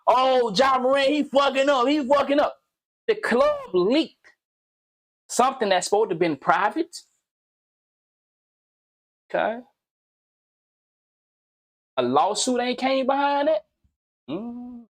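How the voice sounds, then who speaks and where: A man's voice: extremely high pitch, fairly bright tone. A man hosting his own commentary video, talking casually and animatedly in slang, repeating himself and firing off pointed questions. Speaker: commentary channel host.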